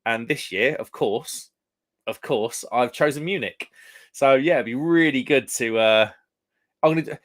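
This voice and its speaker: A man's voice: medium pitch, a little slow. Young British man, rambling live stream host, casual beer-chat delivery. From United Kingdom. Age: young adult. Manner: rambling, chatty, lots of fillers and restarts.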